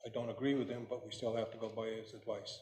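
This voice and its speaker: Board member, man, halting and repetitive, roomy hall sound with faint hiss. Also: lowish voice, little pitch movement, darkish tone. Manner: hesitant, repeats words. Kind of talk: public meeting discussion.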